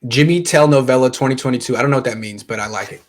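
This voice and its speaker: A man's voice: mid-range voice, rapid-fire. A young adult man from the United States hosting a casual sports chat, reading viewer comments aloud and joking. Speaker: podcast host. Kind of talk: casual live-stream chat.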